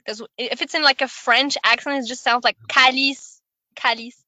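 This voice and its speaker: High, bright woman chatting candidly. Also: steady tone, fast, no echo. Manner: candid, playful. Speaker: guest. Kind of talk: casual podcast chat.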